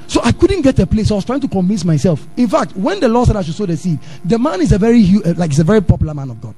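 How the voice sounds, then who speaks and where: A Ghanaian pastor preaching a sermon in church, animated, drifting into sing-song and acting out his stories. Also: high voice, racing, husky, faint music behind. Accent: Ghanaian English.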